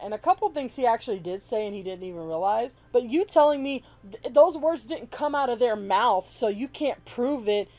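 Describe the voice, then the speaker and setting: A woman's voice: a little high, expressive, moderate pace, mellow. Blunt, heated woman ranting on camera. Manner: blunt, heated and profane, with sarcastic mimicking of others. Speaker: vlogger. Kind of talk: opinionated commentary vlog.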